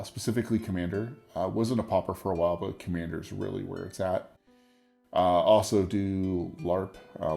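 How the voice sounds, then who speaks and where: A man in his forties hosting a casual solo podcast, rambling in a wry, stream-of-consciousness way with a deep radio voice. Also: vocal fry, warm tone. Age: 40s. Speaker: podcast host.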